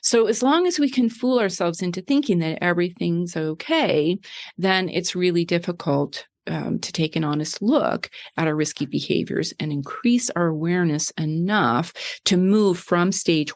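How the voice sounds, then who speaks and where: A middle-aged woman talks things through in a lower voice, animated and chatty, tagging her points with "right?". She explains the way a coach would in a relaxed conversation. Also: measured pace. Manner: animated, many "right?" tags and fillers. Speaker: guest, wellness coach.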